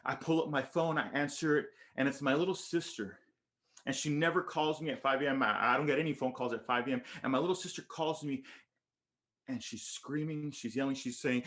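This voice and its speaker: A man's voice: medium pitch, fairly quick, a bit bright. Emphatic motivational speaker, a man. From Texas border region, USA. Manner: emphatic, repetitive storytelling that addresses listeners by name. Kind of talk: keynote talk to students.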